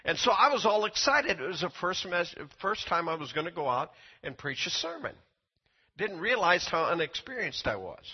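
Older guy preaching, husky kinda high voice, folksy, repeats himself a lot, muffled lo-fi recording. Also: normal speed. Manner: folksy, repeats words, rises to high excited quotes. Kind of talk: sermon with personal testimony.

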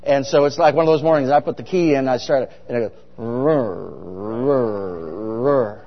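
A middle-aged pastor with a voice on the high side speaks fast, delivering a humorous sermon full of stories. He's chatty and keeps asking the congregation questions. The recording sounds dull, with a long hall reverb.

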